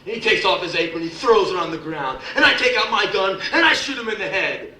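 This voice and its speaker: A man's voice: high-pitched, expressive, fairly quick, bright, forceful tone. A man performing profane, sardonic spoken-word stories live in a music club, acting out the people in them. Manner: profane, sardonic, acts out quoted voices. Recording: roomy live club recording from a distance.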